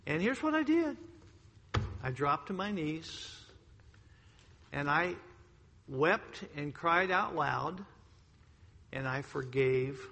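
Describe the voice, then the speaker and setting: High, bright-voiced preacher in a reverberant hall. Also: male voice, gravelly, slight background noise. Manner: emphatic storytelling, swings between loud outbursts and hushed lines. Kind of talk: sermon.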